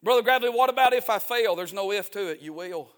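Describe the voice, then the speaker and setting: A man's voice: high-pitched, lively intonation, fast. A male pastor preaching a sermon in a folksy, emphatic way, repeating key phrases.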